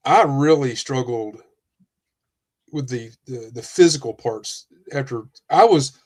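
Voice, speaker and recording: A man hosting a podcast, himself a retired police officer, speaking in a measured, reflective way. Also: medium pitch, a little mellow. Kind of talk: candid podcast conversation.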